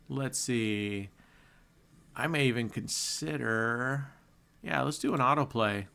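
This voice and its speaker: A man's voice: medium pitch, slow, creaky, bright, forceful tone, clean tone. A man chatting casually on a live stream, laughing often and telling jokes between roulette spins. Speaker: casino streamer.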